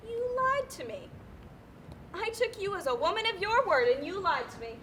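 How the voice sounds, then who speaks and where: Girl doing a wailing pushy lady, super high voice that jumps all over, noisy stage tape. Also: big pitch swings, normal speed, a bit bright, heavily acted. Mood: pleading. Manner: whiny, pleading, theatrical. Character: distraught pestering woman petitioner, melodramatic. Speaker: stage actor. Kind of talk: live stage play. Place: school auditorium stage. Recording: noisy live stage recording.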